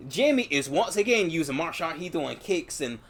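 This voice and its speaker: A man's voice: a little high, sing-song, brisk. A man hosting a casual movie review podcast, retelling scenes loosely and swearing freely. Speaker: podcast host.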